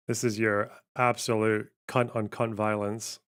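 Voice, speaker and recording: A man's voice: on the low side, flat delivery, a little slow, hardly any pauses, a bit bright, no echo, clean studio sound. A young man hosting a live stream, talking casually and bluntly, swearing and laughing often. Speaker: streamer host.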